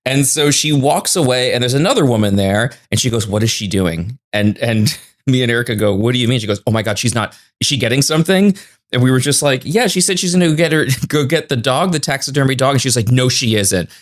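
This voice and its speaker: A man co-hosting a podcast, telling a story in a casual, animated way and acting out the people in it. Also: medium pitch, quick pace. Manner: acts out voices in his anecdotes, laughing, jumpy. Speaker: podcast co-host.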